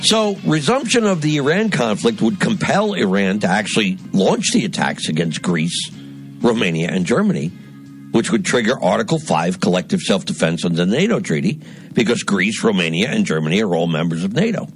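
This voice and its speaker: A man hosting a radio talk show, delivering a deliberate, emphatic commentary monologue with dramatic pauses. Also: lowish voice, big pitch swings, faint music behind. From Northeast Pennsylvania.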